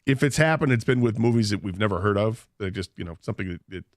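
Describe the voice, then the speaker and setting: Lively, laughing radio host man. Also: fairly low pitch, fast, no room sound, studio quality. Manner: animated storytelling, laughs often. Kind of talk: casual sports radio banter.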